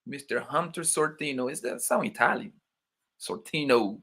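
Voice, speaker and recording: Reading off viewer names, a livestream host greets and teases people in casual slang. He speaks at a normal speed in a medium pitch with big pitch swings, vocal fry and a fairly bright tone.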